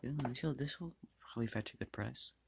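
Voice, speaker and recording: A man voicing a calm young female assassin in a fan story retelling, speaking flat and offhand, close to his own voice. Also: mid-range voice, moderate pace, creaky, slight background noise, lightly acted.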